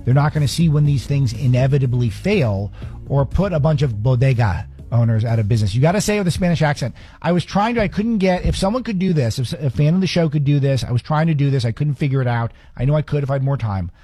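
A man hosting a political talk show, delivering sarcastic, opinionated commentary in a rapid-fire rant. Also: medium pitch, warm tone, husky, soft background music.

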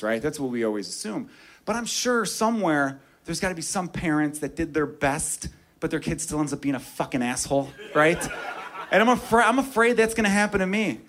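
A man's voice: fairly high pitch, sing-song, brisk, a bit bright. A man doing brash, self-mocking stand-up comedy and laughing at his own lines. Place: comedy club. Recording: club with audible crowd.

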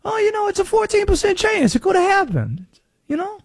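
A man's voice: very high voice, huge pitch swings, fairly quick, dry recording, clean studio sound, voice pushed up, heavily acted. A man putting on a drawling Southern conspiracy theorist. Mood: insistent. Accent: put-on Southern US. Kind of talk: sports talk radio bit.

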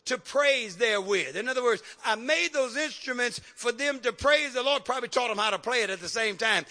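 A man preaching a radio sermon, calling for amens and building to a loud, fervent pitch. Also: fairly quick, few pauses. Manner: preaching with call-and-response, rising to shouts. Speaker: pastor.

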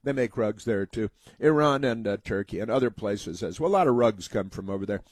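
A man's voice: lowish voice, lively intonation, a little fast, a little mellow, no echo. An American man hosting a political talk show, rambling with many fillers and mocking put-on voices. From United States. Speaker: talk radio host.

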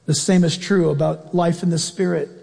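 A man preaching a sermon to his congregation, animated and playful, often firing questions straight at the listeners. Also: a little high, moderate pace, creaky, husky, big-room sound. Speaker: pastor.

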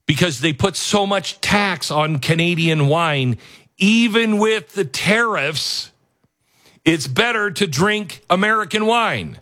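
A man hosting an opinionated news commentary, animated and sarcastic, often laughing. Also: sits high, slow pace, no room sound, clean studio sound. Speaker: commentary show host.

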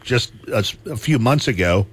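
A man's voice: medium pitch, animated, normal speed, breathy edge. Male talk radio host, casual and chatty, easy laugh. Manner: chatty, laughs easily, repeats himself.

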